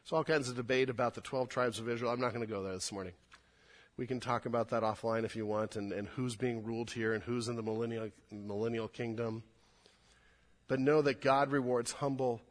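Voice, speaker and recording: In a church with long, hall-like reverb, a male pastor delivers a sermon in a fairly bright voice on the high side. He sounds earnest and conversational, frequently repeating words for emphasis.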